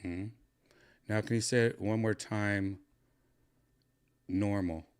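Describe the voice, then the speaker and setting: A man hosting a podcast, chatting casually in a rambling, halting way with crude asides. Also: fairly low pitch, fairly even intonation, clean tone. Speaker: podcast host. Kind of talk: casual chat.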